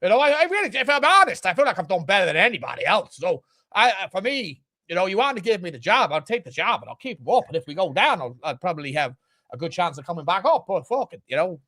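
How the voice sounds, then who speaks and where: A man's voice: high-pitched, very animated, quick pace, pushed and bright, exaggerated voice. A man putting on a boastful, swearing Irish football manager with a put-on Irish accent, rambling in comic banter. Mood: cocky. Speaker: co-host. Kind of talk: comedic impression in podcast banter.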